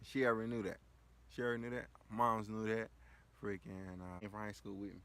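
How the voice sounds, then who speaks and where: A man's voice: on the low side, steady tone, a little fast, fairly bright tone, clear, resonant tone. A man casually telling a story, rambling and slangy, with lots of filler phrases. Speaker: vlogger.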